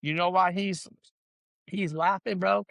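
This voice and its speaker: A man's voice: high-pitched, steady tone, measured pace, vocal fry, fairly bright tone, no echo. A middle-aged man hosting a solo podcast, ranting emotionally, swearing and saying "bro" in nearly every sentence as he rambles and restarts. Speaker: podcast host.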